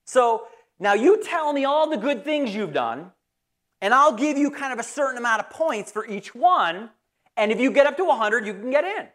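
A preacher acting out a saintly gatekeeper in a joke, patient and matter-of-fact. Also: male voice, very high voice, expressive, moderate pace, a bit bright. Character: calm kindly male gatekeeper saint.

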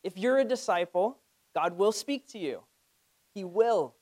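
A young adult man from the United States preaching a sermon, telling stories and rising to loud emphatic cries. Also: high voice, expressive, a little slow. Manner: storytelling preacher, rises to loud cries in anecdotes. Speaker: pastor.

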